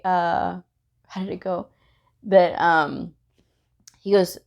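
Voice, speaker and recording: A woman's voice: fairly low pitch, measured pace, long pauses, a little mellow. Chatty woman teaching, laughing easily. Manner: chatty, laughs often, retells dialogue. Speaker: medical coding educator. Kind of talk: casual instructional talk.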